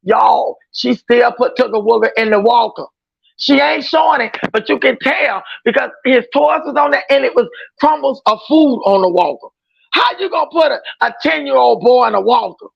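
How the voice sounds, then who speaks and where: A woman's voice: fairly high pitch, lively intonation, moderate pace, vocal fry, slightly rough, highs cut off. A woman hosting a casual livestream reaction chat, talking in an emphatic, outspoken way and often raising her voice.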